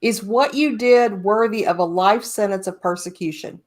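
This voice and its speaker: A woman hosting a spiritual talk show, speaking in a relaxed conversational way. She tells stories, rushes through asides and slows down to stress her points. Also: medium pitch. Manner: storytelling, speeds up and slows down, emphatic. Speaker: podcast host. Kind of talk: casual spiritual podcast talk.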